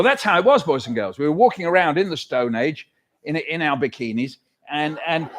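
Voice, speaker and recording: An older man telling comic stories to a hall of children and getting them to join in. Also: medium pitch. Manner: animated, leads audience call-and-response. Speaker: children's author performing. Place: hall at live awards event.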